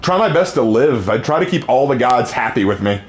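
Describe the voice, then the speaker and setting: A man's voice: mid-range voice, expressive, a little fast. A man chatting casually on a gaming livestream, loose and jokey as he reacts to viewers.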